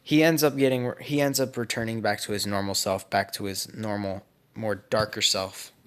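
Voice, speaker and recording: A man's voice: on the low side, steady tone, normal speed, a bit bright, smooth. A young man casually narrating a fan-made story, speculative and rambling, often correcting himself.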